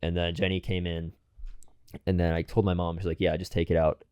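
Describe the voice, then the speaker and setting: A man's voice: low voice, flat delivery, a little fast, a little mellow, clean tone, dry recording, clean studio sound. A young man co-hosting a podcast, rambling through a casual anecdote full of fillers and acted-out quotes. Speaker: podcast co-host. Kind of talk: casual storytelling chat.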